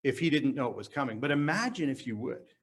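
A man preaching a sermon at a church service, earnest and teaching, slowing down to stress key words. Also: mid-range voice, expressive, slightly rough. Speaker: pastor. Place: church service on a live stream.

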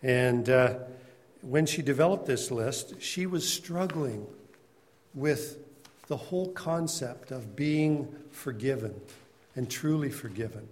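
A man's voice: medium pitch, expressive, slow, long reverb tail. A man teaching a Bible class in a conversational storytelling way, calling on class members by name.

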